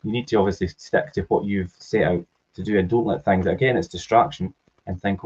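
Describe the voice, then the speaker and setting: A man co-hosting a podcast in casual chat, agreeable and quick to back up his partner. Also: deep voice, a little mellow, husky. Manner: agreeable, backs up the other host. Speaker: podcast co-host. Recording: dull lo-fi podcast audio.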